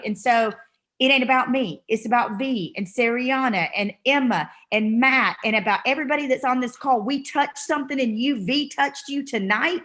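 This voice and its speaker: A woman's voice: high voice, a bit bright. A woman hosting a video-call meeting, talking casually, gushing with emotion and pride. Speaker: meeting host.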